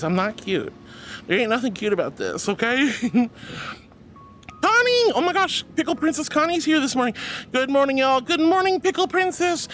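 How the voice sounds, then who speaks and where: A woman streaming casually, her voice leaping high and dropping low as she greets each viewer with gushing affection. Soft music plays faintly underneath her talk. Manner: effusive, affectionate greetings to chat. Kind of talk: casual chat.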